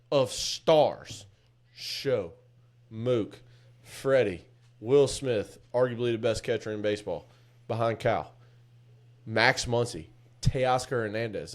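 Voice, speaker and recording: A man's voice: mid-range voice, lively intonation, takes it slowly, pauses often. A man co-hosting a casual sports podcast, talking emphatically and swearing freely as he argues his point. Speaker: podcast co-host.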